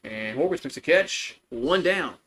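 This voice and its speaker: A man's voice: lively intonation, unhurried, fairly bright tone, slight background noise, rough recording. Chatty man calling baseball live. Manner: chatty, loose, greets chat viewers between pitches. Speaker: play-by-play commentator. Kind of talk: casual live baseball commentary.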